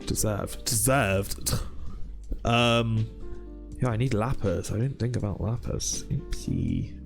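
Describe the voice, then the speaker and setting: A young British man streams a game, chatting casually with viewers, reading their messages aloud, and rambling between frequent ums. His voice is on the low side and gravelly, he takes his time, and soft music plays behind him.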